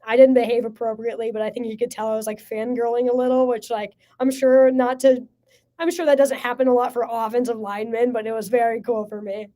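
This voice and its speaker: A woman in her twenties, a sports media guest, telling stories in casual podcast chat with lots of "like" and excited bursts. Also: fairly high pitch, quick pace. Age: 20s. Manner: excited, heavy use of "like", lively storytelling.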